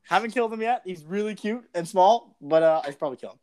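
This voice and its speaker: A man's voice: sits high, lively intonation, fast, mellow. A man chatting casually on a podcast, distracted and laughing as he talks. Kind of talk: casual chat.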